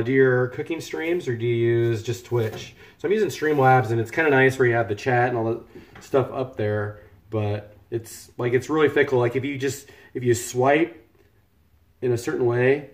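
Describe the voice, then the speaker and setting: A man from the United States talks through a casual live cooking stream at home. He chats loosely with viewers, stops to greet people by name, and keeps up a running commentary as he works. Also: mid-range voice.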